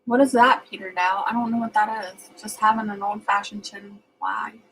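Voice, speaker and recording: A woman's voice: medium pitch, fairly even intonation, moderate pace, a bit bright, a little hiss or hum, poor audio. A woman with a Southern US accent, casually chatting on a livestream and reading out viewer comments as she rambles along.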